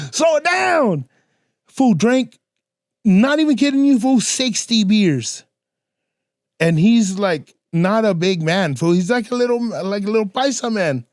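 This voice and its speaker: A young man with a high voice hosts a podcast solo and tells stories, heavy on slang and cursing. He jumps into other people's lines as he tells them. The sound is close and dry, with no room around it. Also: no echo. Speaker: podcast host. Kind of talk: casual solo storytelling.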